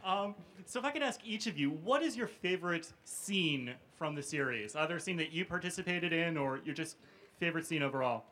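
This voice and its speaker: A panel moderator asking the guests questions in a brisk, polite manner. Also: mid-range voice, lively intonation, fairly bright tone, a little hiss or hum.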